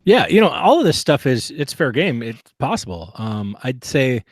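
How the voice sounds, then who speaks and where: A man's voice: medium pitch, very animated, normal speed, no room sound. Earnest, reflective man, dry sound. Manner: earnest, reflective, many restarts. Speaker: guest, competitive shooter. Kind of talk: casual podcast interview.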